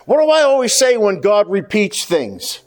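Lively, high-pitched preaching man. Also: normal speed. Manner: animated preaching, stressing repeated words. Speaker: pastor. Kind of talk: sermon.

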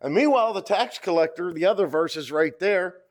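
Male pastor, sermon delivery, emphatic and repetitive, fairly high voice. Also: animated, a little fast. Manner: emphatic, repeats points, asks the congregation "right?".

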